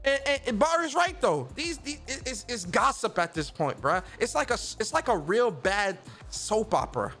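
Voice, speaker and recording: A higher-voiced man hosts a podcast in a loose, ranting style. He swears freely and trips over repeated words as he pushes his point. Faint music sits low behind him. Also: sing-song, normal speed, hardly any pauses, bright, forceful tone. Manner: blunt and profane, stammers and repeats words. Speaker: podcast host. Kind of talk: casual ranting commentary.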